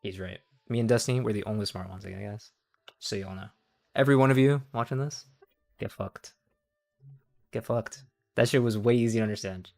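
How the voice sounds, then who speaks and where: Young man, low voice, gravelly fry, profane rambling stream talk, restarts sentences. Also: quick pace, a little mellow. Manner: profane, rambling, self-interrupting. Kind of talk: casual livestream commentary.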